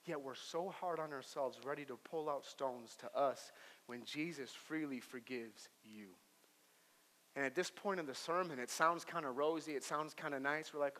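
Young man, pastor, high bright voice, swings between soft and emphatic preaching, reverberant church hall. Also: moderate pace. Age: young adult. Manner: tells stories with playful put-on voices. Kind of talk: sermon. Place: church auditorium.

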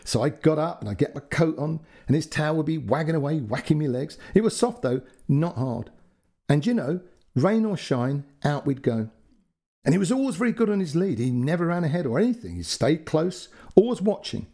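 Husky man telling a story. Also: a little high, expressive, normal speed. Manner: chatty, warm anecdotal storytelling with asides. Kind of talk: first-person story narration.

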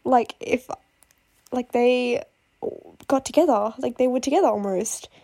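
A woman's voice: fairly high pitch, unhurried, mellow. A young woman chatting casually about books she loves, gushing and rambling with lots of fillers, while sick with a cough. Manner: gushing and rambling, full of "like" and "oh my god". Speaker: book vlogger. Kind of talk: casual chat.

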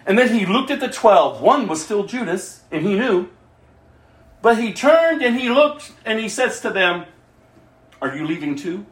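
A woman's voice: fairly high pitch, animated, measured pace. A woman preaching a sermon with passion, repeating phrases and acting out the voices of people she quotes. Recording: echoey room.

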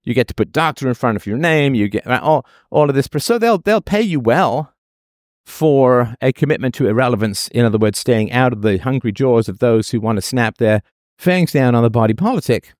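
A man works through a philosophical argument, emphatic and argumentative, and circles back to repeat his points. His voice sits at a middle pitch. The recording is dry and close, with no room sound. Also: lively intonation, normal speed, a little mellow, dry recording. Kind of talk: philosophical monologue.

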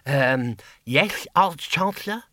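A man's voice: on the high side, lively intonation, drawn-out words, dry recording, studio quality, pitched above the performer's own voice, exaggerated voice. A man voicing a nervous, stammering wizard bursar who quavers in an audiobook reading. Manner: hesitant, stammering.

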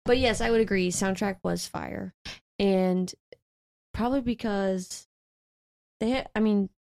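Gravelly-voiced young woman podcast host. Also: mid-range voice, slow pace, darkish tone, no room sound, clean studio sound. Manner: upbeat, slangy, leads the talk. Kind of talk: casual chat.

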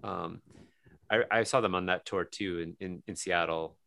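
A man in casual conversation who tells animated anecdotes and laughs as he talks. His voice sits fairly low but sounds bright and forward. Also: moderate pace, creaky. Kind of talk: casual chat.

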